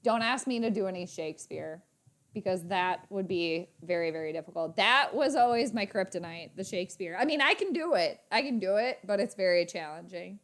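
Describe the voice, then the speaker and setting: Excitable woman streaming a game reaction. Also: medium pitch, a little fast. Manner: excitable, chatty, laughing often. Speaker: sports channel host.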